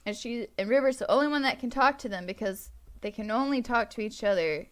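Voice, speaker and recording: A woman's voice: a little high, brisk. A woman co-hosting a casual podcast, giggling and rambling through a plot recap with many restarts on a home microphone. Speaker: podcast co-host. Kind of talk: casual book-club chat.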